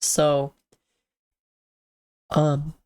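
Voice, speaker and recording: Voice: mid-range voice, completely flat delivery, a little mellow, clear, resonant tone, no echo. Congested, tired streamer rambling. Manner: rambling and halting, trails off and restarts sentences. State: sick and congested. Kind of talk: casual livestream commentary on a video game.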